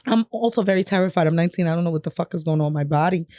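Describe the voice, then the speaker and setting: A woman's voice: lowish voice, racing, dark tone, no echo, clean studio sound. A young woman from New York telling a personal story on a podcast, candid and profane, often laughing. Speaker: podcast co-host. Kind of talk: casual storytelling chat.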